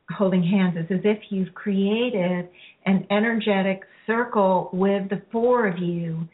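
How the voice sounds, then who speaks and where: A woman hosting a radio-style healing show, guiding listeners through a release in a slow, soothing, halting way. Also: mid-range voice. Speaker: spiritual healer hosting a show. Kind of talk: guided healing session. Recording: phone-like narrow sound.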